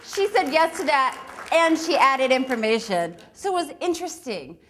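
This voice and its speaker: A woman's voice: high-pitched, animated, moderate pace, a bit bright. A woman giving a live talk on improv, chatty and laughing often between her points. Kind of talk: live talk with audience exercises.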